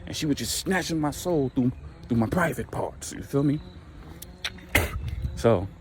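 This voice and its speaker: A young man tells a rambling story in a casual, profane way. His voice sits at a middle pitch and jumps up when he acts out his own reactions. A faint noise hums underneath. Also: expressive, measured pace. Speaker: storyteller vlogger.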